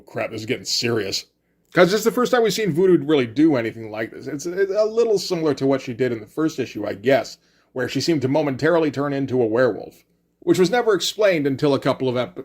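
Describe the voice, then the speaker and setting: Chatty man reviewing a comic. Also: mid-range voice. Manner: loose and chatty, acts out dialogue, swears freely.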